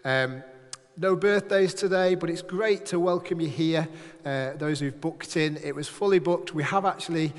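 A man's voice: on the high side, moderate pace. A man leading a church service, giving notices in a chatty, joking, rambling way to a live congregation. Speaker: church leader. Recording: echoey hall.

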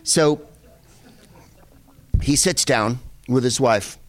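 A middle-aged man casually telling a lively anecdote, full of asides and the odd curse. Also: mid-range voice, extremely slow. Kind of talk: casual storytelling.

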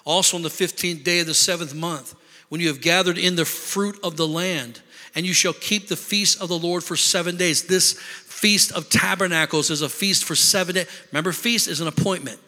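A male pastor preaches to his congregation, reading scripture at an even pace and then rising into loud, fervent exhortation. His voice sits high and ringing, with a bright edge. The sound carries a long reverb from a big sanctuary. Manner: builds from measured teaching to shouted exhortation. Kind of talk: sermon.

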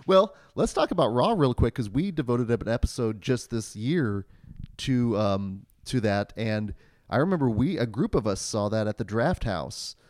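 A man's voice: medium pitch, animated, a little slow, darkish tone, no echo. A man hosting a casual film podcast, rambling and laughing as he leads the talk. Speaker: podcast host.

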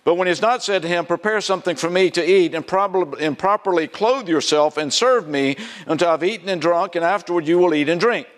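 Here a pastor from South Carolina, Southern American accent and all, preaches fairly quickly with few pauses in a high voice. He stays animated throughout, asking listeners questions and acting out the voices of people he quotes.

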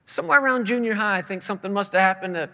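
A pastor in his thirties, preaching a sermon in a high, bright voice and spinning funny stories from his life. His voice echoes around a large church hall with a long reverb. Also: very fast. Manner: storytelling, acting out voices, humorous.

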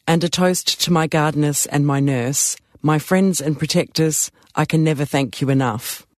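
A man's voice: a little high, moderate pace, no echo, clean studio sound, lightly acted. Man voicing a tearful drunk woman. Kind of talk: audiobook character voice.

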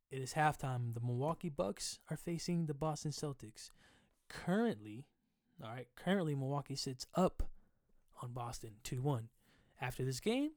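A man with a fairly high voice rambles through loose, profane sports chat on his podcast. He jokes at his own wording and swings between loud bursts and mumbled asides. The sound is dry and close, with no room around it. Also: dry recording. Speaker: podcast host.

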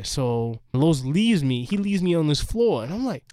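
A man's voice: fairly high pitch, big pitch swings, unhurried, dark tone, dry recording. A man co-hosting a casual podcast, telling loose, profane stories and acting out what people said. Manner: profane, loose storytelling, acts out quotes. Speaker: podcast co-host.

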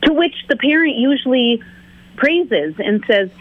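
Woman, interview guest, phone-line sound, dry, animated storyteller. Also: normal speed, dry recording. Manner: acts out quoted voices with big pitch jumps. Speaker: guest, author and teacher. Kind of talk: interview on a call.

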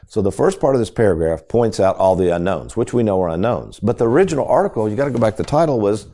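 A man's voice: fairly low pitch, expressive, fast, few pauses, warm tone. A man hosting a financial talk radio show, speaking in a folksy, emphatic way and often addressing listeners directly as folks.

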